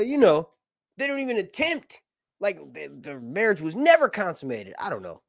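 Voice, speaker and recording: A man's voice: high-pitched, wildly swooping pitch, normal speed, no echo, studio quality. A man casually reviewing a TV show on a live stream, rambling and cracking crude jokes.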